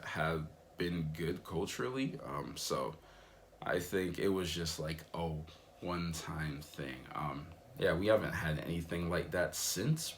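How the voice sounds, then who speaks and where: Young man, low voice, gravelly, rambling casual vlog talk, faint room ambience. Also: a little hiss or hum. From United States. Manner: rambling, filler-heavy, laid-back. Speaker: vlogger.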